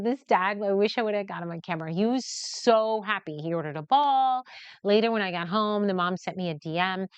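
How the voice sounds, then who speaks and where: A middle-aged woman hosting a live newborn photography session, chatty and animated, acting out the people in her stories. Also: medium pitch, clean tone, dry recording. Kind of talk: lively storytelling while demonstrating a shoot. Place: photo studio during a live stream. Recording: slightly dull, muffled audio.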